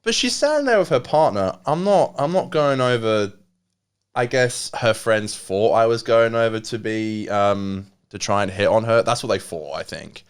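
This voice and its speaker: Animated, emotional man in his twenties. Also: lowish voice, moderate pace, smooth. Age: 20s. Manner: rambling, emotional, swears a lot. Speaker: podcast co-host. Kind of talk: casual comedic storytelling.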